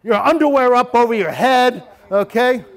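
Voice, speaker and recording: A man playing a big schoolyard bully, taunting and threatening in a loud swagger. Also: very high-pitched, moderate pace, pitched above the performer's own voice.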